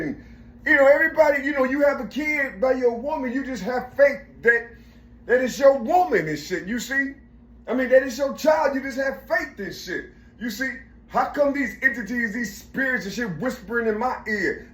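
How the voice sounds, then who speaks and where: In an echoey room, a middle-aged man rambles through a profane personal story, repeating himself, groping for words and saying "you see" over and over. His voice is very high and fairly bright, with lively intonation and a moderate pace.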